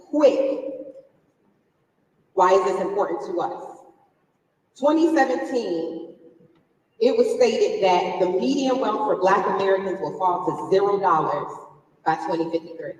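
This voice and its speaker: On a big conference stage, a woman in her forties delivers a motivational business talk, quizzing the crowd conversationally and sharing an emotional personal story. Her medium-pitched voice moves at a moderate pace with lively intonation. The mic sits far from her, so the hall sounds echoey and distant.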